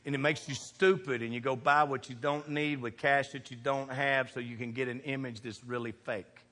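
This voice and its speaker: A man preaching a sermon, folksy and conversational, swinging from quiet asides to shouted points. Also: mid-range voice, steady tone, moderate pace. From American farm country. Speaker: pastor. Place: church sanctuary. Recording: reverberant hall.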